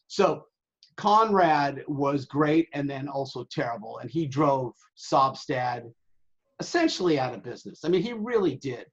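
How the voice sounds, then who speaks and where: A man telling profane, animated stories in a casual interview and acting out the people in them. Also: medium pitch, normal speed, slightly rough, dull audio. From Southern California. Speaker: interview guest, sailing website owner. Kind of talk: casual storytelling.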